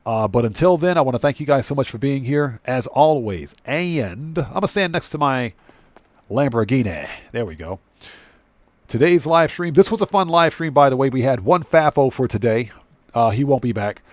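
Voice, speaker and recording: A man's voice: medium pitch, expressive, normal speed, no echo. A man hosting a casual gaming live stream, chatting with viewers and thanking them at length. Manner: laughs easily while signing off.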